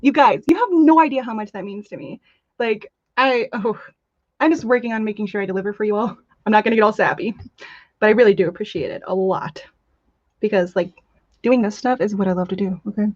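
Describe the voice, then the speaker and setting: A woman hosting a casual crafting livestream, chatting in a bubbly way with quick gushing asides while she demonstrates. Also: medium pitch, no room sound, highs cut off. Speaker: crafting channel host. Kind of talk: casual live-stream chat with demos.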